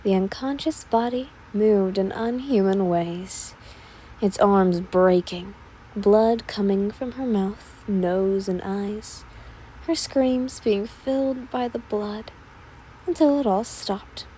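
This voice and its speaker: A woman narrating a listener role-play story in a soft, unhurried manner. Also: medium pitch, slight background noise, low-quality recording.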